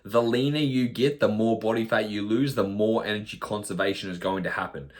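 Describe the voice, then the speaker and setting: A man's voice: fairly low pitch, steady tone, brisk. Blunt swearing male nutrition coach. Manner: blunt, swears often, mimics clients in quoted asides. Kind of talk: blunt podcast monologue.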